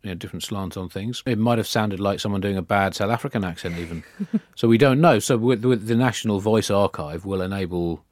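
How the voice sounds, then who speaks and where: A man guesting on a comedy news podcast, telling absurd made-up stories in a deadpan, rambling way. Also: fairly low pitch, brisk, hardly any pauses, no echo. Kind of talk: deadpan satirical comedy chat.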